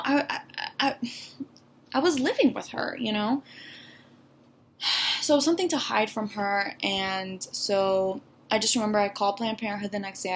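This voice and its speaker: A woman's voice: mid-range voice, slight background noise. Candid young woman telling a personal story. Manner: candid, halting, with many fillers and restarts. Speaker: vlogger.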